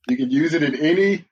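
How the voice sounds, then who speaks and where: A man's voice: fairly high pitch, husky. A man co-hosting a casual studio chat show, playful and joking, often asking questions. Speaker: podcast co-host. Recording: slightly dull, muffled sound.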